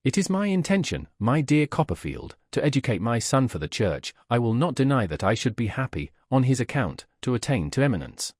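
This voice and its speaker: A man's voice: mid-range voice, very animated, brisk, few pauses, breathy edge, no echo, clean studio sound. A man reading the part of a bald, self-important, genteel husband in an audiobook, speaking in ornate, ceremonious phrases.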